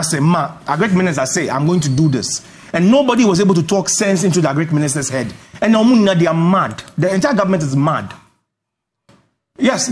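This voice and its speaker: A man with a Ghanaian accent giving heated political commentary, indignant and emphatic, repeating himself for stress. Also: high voice. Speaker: host.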